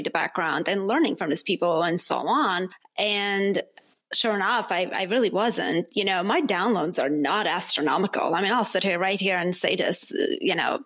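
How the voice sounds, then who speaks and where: A woman hosting a podcast, talking in a relaxed, casual way. She is chatty and reflective, and she fills her sentences with small asides as she thinks aloud. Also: mid-range voice, slightly rough. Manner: chatty, reflective, many fillers. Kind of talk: casual interview chat.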